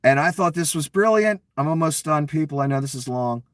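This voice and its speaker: Man, ranting commentator, lively pitch swings, heavy profanity, dry room, mic a bit off. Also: brisk, no echo, recorded from a distance. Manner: profane, sarcastic, acts out mocking quotes. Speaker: political commentator.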